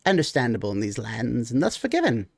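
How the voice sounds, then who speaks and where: A man's voice: mid-range voice, sing-song, quick pace, gravelly, no room sound, studio quality. A man voicing a small, stout male gnome merchant who speaks formally and courteously.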